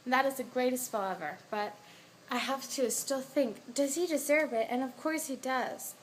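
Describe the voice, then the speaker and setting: A woman's voice: high-pitched, normal speed, slight background noise. A teenage girl venting to camera in a chatty storytime, swearing often and replaying events as back-and-forth dialogue. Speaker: vlogger. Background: roosters crowing faintly outside.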